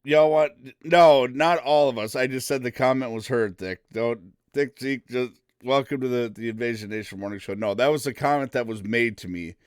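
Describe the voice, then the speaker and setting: A middle-aged man hosting a live morning show, loud, excitable and folksy. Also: mid-range voice, moderate pace, hardly any pauses, smooth, no echo, studio quality. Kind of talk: casual live stream talk.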